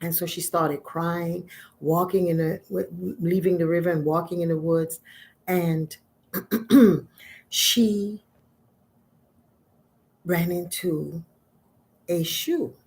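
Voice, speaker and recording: Expressive middle-aged woman storyteller. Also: lowish voice, takes it slowly, creaky, long pauses. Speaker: spiritual teacher. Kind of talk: storytelling a folk myth.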